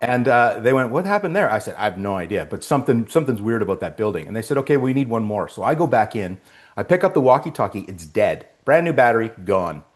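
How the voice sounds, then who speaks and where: A man's voice: lowish voice, fast. A man telling a story in a casual interview as the guest, acting out the voices of the people in it. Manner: animated storyteller, acts out voices. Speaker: actor guest.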